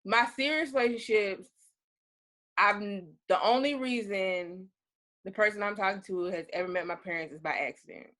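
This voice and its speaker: A woman hosting a podcast in casual chat over a video call, talking quickly and teasing her co-host. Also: medium pitch, fairly bright tone. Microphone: remote video call.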